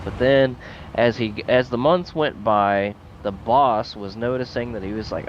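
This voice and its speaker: Man telling a joke over game noise. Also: normal speed. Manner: animated, jumps into high voices for quoted characters. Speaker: gaming channel host. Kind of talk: casual joke storytelling over gameplay. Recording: game engine and vehicle noise behind. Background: monster truck game sounds.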